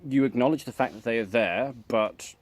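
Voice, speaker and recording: A man's voice: medium pitch, moderate pace. A man co-hosting a casual home vlog, making dry jokes and teasing asides. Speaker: co-host, partner in a couple's vlog. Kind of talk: casual banter.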